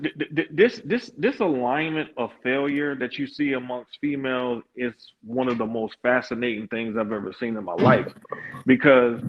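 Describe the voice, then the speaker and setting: A man delivers opinionated commentary on a talk show in a middle-pitched voice. He repeats and restarts his words, then builds to firm, emphatic points. The recording sounds dull and lo-fi. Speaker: podcast host.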